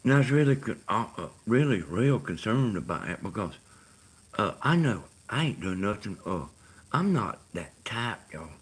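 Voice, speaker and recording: A middle-aged Southern man from Georgia hosts a live stream in a rambling, easygoing way. His voice sits low and carries a husky grain. He wanders through his thoughts with plenty of "you know.". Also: big pitch swings, normal speed. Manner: meandering, full of "you know" and "like". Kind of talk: rambling casual chat.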